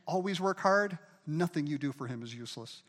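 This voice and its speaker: Brief: man, pastor, high voice, emphatic sermon style, hall reverb. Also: lively intonation, a little fast, a bit bright. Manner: emphatic preacher, calls for congregation to repeat words.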